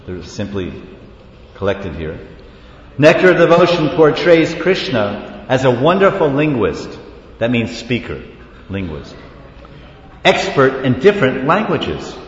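A man giving a devotional scripture class, reading passages and retelling stories in an animated way. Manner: storytelling, switches between reading and animated retelling. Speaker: lecturer on scripture. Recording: echoey hall, dull low-fi sound.

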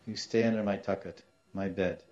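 Brief: a gentle, cordial old guru, as a man puts him on, low and steady, dull lo-fi sound. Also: normal speed, natural voice. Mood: calm reassuring. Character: calm, compassionate older male guru.

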